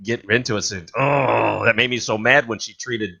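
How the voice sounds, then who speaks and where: A man hosting an interview, asking rambling questions full of pauses and restarts. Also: medium pitch, creaky, sharp tone, breathy edge. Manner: halting, many fillers and restarts. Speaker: interview host. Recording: dull lo-fi audio.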